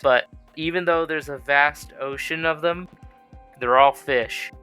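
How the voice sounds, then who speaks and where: Young male host, clear resonant voice, jokey and profane. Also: on the high side, a little slow, bright, forceful tone, soft background music. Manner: joking, loose and profane. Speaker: podcast host. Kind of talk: casual chat.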